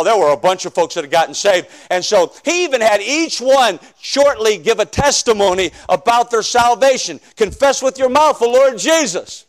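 A male preacher telling his conversion story in a sermon, swinging from loud shouts to hushed confession. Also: high voice. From northern United States. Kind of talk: sermon testimony.

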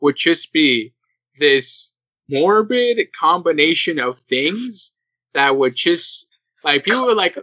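A young man hosting a casual podcast chat, animated and laughing, acting out the people he quotes. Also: a little high, slow pace, no room sound, rough recording. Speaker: podcast host.

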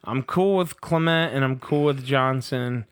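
A man's voice: mid-range voice, unhurried, smooth, no room sound, clean studio sound. A man co-hosting a casual sports podcast, blunt and opinionated, steering the conversation back on track. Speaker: podcast co-host.

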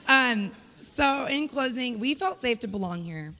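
A woman's voice: on the high side, lively intonation, a little slow, background noise. A woman sharing a heartfelt personal testimony at church, speaking earnestly and conversationally. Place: church hall. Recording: echoey hall reverb.

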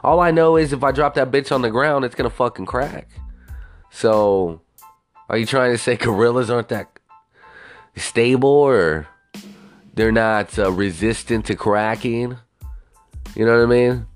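A man's voice: mid-range voice, unhurried, long pauses, soft background music. A young man hosting a podcast, ranting casually with lots of swearing and rambling asides. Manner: profane, rambling, animated. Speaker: podcast host. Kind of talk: casual solo podcast rant.

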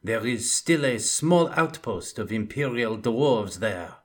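A man's voice: mid-range voice, animated, takes it slowly. A man voicing a sardonic fur-clad scout with a put-on Bretonnian, French-like accent. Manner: sardonic, wry.

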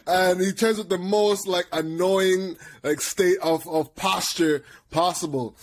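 A man co-hosting a podcast in casual chat. He tells stories with lots of laughter and repeated words, and he acts out quotes loudly. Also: fairly high pitch, normal speed, hardly any pauses. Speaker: podcast co-host.

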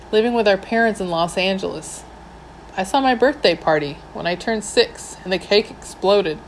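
A woman's voice: medium pitch, slight background noise, poor audio. A woman narrating a novel in the first person, wry and dryly humorous. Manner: wry, dry humour. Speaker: audiobook narrator.

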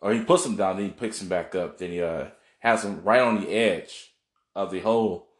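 A man's voice: sits low, normal speed. Rambling man recapping in an echoey room. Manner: rambling, laughs often, swears casually. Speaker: vlogger recapping a wrestling show. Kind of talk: casual recap. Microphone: camera mic, seen on video.

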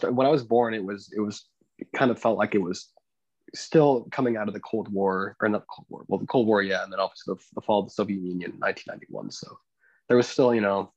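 A man's voice: fairly low pitch, no echo. Hesitant young man, muffled podcast audio. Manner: hesitant, many restarts and fillers, explaining slowly. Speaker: podcast co-host. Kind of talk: casual podcast chat.

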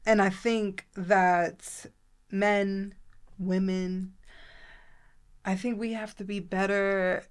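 A woman with a New York accent co-hosting a casual podcast chat, animated and opinionated. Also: medium pitch, drawn-out words, pauses often, smooth. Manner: animated, switches to loud playful outbursts. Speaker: podcast co-host.

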